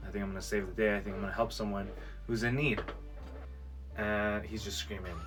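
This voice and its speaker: A man's voice: lowish voice, moderate pace, faint music behind. A man vlogger telling a personal story in a casual storytime video, acting out what people said. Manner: animated storyteller who acts out quoted lines. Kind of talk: storytime vlog.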